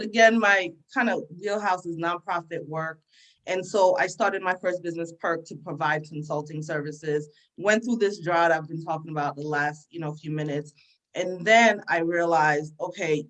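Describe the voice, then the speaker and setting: A woman's voice: on the low side, a bit bright, rough recording. A woman from Sierra Leone with an American accent, answering interview questions in an earnest, conversational way. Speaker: guest entrepreneur.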